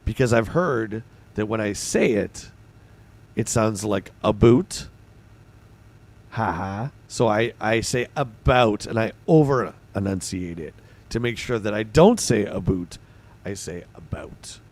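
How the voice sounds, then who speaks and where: A man's voice: lowish voice, animated, unhurried, a little mellow. A man from Canada with a Canadian accent, hosting a livestream and chatting casually while reading and answering his chat. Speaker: streamer host.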